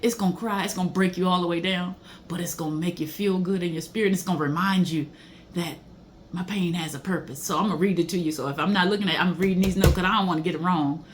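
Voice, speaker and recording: A woman's voice: fairly low pitch, quick pace, a little hiss or hum. A middle-aged woman giving a faith-based motivational talk, speaking in an emphatic, preachy way and breaking into exclamations.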